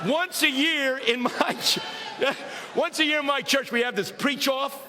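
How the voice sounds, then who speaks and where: A man from Philadelphia preaching a humorous storytelling sermon with animated comic delivery that builds into shouted preaching, in a large hall. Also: extremely high pitch, a little slow, noisy background. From United States, Philadelphia. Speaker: preacher and guest speaker. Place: large hall with a live audience. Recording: reverberant hall, faint ambience.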